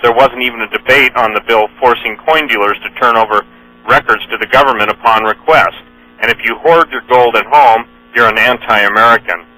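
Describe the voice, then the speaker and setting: A man's voice: medium pitch, brisk, bright, forceful tone, low-quality recording. A man hosting a radio talk show, reading news items and quotes aloud in an earnest manner, often correcting himself mid-sentence. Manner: earnest, with frequent fillers and self-corrections.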